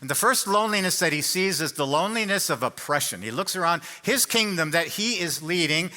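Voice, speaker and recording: Man, pastor, chatty storytelling sermon; fairly high, very bright and forceful voice. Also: lively intonation, brisk. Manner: conversational storytelling, jokes with the congregation. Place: church sanctuary.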